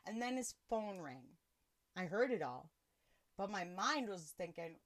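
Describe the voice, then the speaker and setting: A woman hosting a podcast, telling a personal story in a casual, animated way and laughing often. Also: medium pitch, a little slow. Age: adult with children. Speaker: podcast host.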